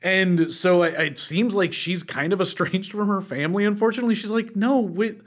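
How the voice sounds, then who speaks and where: A man co-hosting a casual podcast chat, animated and quick to laugh, trying out jokey mock accents. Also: sits high. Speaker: podcast co-host.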